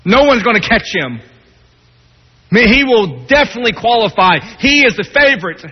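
A man preaching a sermon, telling a story dramatically, dropping low and soft, then rising for emphasis. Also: big pitch swings, normal speed, husky. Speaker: pastor. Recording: dull, long-reverb hall sound.

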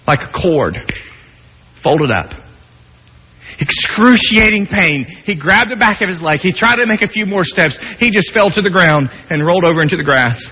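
High, husky-voiced preacher in a hall. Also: male voice, animated, normal speed. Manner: dramatic, swings between soft low tones and rising emphasis. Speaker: pastor. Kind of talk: sermon storytelling. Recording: dull, long-reverb hall sound.

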